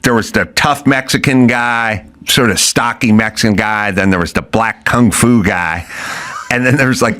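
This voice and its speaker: A man's voice: fairly low pitch, pushed and bright, clear, resonant tone. A middle-aged man telling a rowdy story in casual chat, acting out quotes, swearing and laughing. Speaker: podcast host.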